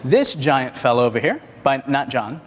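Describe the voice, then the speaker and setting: A man's voice: medium pitch, big pitch swings, moderate pace. A man teaching photography at a live workshop, chatting with the audience and directing his assistants while he shoots. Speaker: photography instructor. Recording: hall reverb, faint noise.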